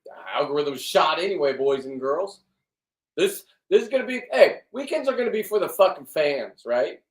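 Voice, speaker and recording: Fifties male vlogger, foul-mouthed and jokey, high-ish voice, recorded off-mic in an echoey room. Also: sing-song, normal speed. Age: 50s. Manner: crude, profane, loud and joking. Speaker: fishing and diving vlogger. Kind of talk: casual rambling monologue. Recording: roomy, from a distance.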